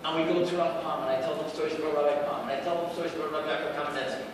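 High-voiced rabbi telling a story, echoey hall. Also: male voice, steady tone, racing. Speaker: rabbi and lecturer. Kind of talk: storytelling lecture. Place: large lecture hall. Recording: echoey hall recorded from far off with background noise.

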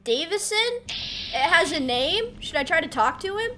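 A woman streamer giving casual gameplay commentary, excitable and talking to herself, with yelps as she plays. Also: extremely high pitch, normal speed, background noise. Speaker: gaming streamer.

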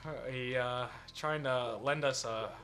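A man giving casual let's-play commentary, excitable, with profane outbursts. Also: medium pitch, a little slow, a crowd in the background. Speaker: gaming channel host.

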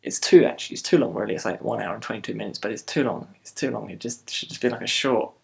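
A man's voice: on the low side, fast talker, vocal fry, a little mellow. A man reviewing a film in a casual, rambling video. He rants and repeats himself a lot. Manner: rambling, repetitive ranting.

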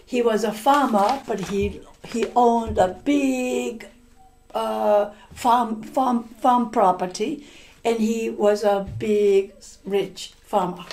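A woman teacher tells a story to language learners, slowly repeating and explaining words and often correcting herself. Her voice is fairly high in pitch, steady and darkish in tone.

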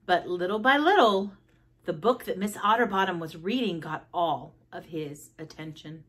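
A woman reading a children's book aloud, expressive, with sound effects. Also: on the low side, normal speed, breathy edge. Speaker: storybook reader.

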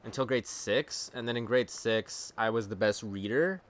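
A man's voice: lowish voice, moderate pace. A young man co-hosting a let's play, joking and swearing in casual chat.

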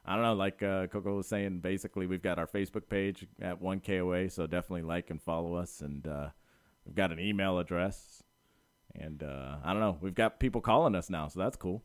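Male podcast co-host, loose and jokey, lowish pitch, dry close sound. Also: a little fast, no echo. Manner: joking, rambling, trails off. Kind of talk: casual chat.

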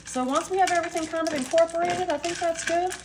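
A woman's voice: very high-pitched, steady tone, fast, background noise. A woman chatting casually to viewers as she cooks in her home kitchen, calling them y'all. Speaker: cooking vlogger. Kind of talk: casual cooking vlog.

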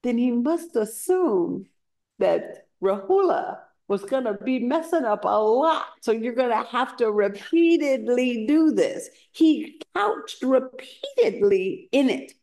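Unhurried woman teaching at a retreat. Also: on the high side, animated, a little mellow. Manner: unhurried storytelling, acting out quoted voices. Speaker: meditation teacher. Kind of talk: dharma talk. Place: retreat center.

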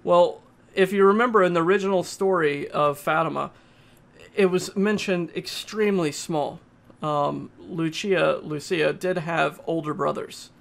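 A man giving a casual, halting spoken movie review, often pausing and restarting his sentences. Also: on the high side, gravelly. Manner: plain, halting, with frequent uhs and restarts.

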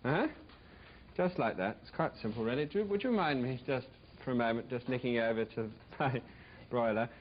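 A man's voice: mid-range voice, normal speed, a little hiss or hum. A man hosting a cooking show in a TV studio kitchen, demonstrating a recipe in a chatty, jokey, rambling way with playful asides to a live audience. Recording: dull lo-fi vintage TV recording.

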